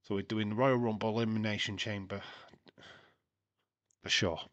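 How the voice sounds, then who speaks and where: A man's voice: on the low side, steady tone, normal speed, a bit bright, dull audio. A man hosting a live watch-along stream, chatting casually, laughing and making puns. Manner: chatty and jokey, laughing at his own puns. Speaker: livestream host.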